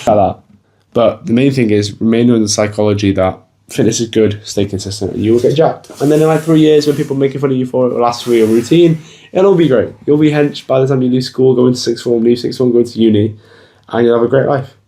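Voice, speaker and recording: A man's voice: mid-range voice, fast talker, dark tone. A young man gives blunt, casual fitness advice to the camera, swearing freely and calling the viewer bro. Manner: blunt, swears a lot, says bro often. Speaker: fitness vlogger. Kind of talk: casual motivational talk to camera.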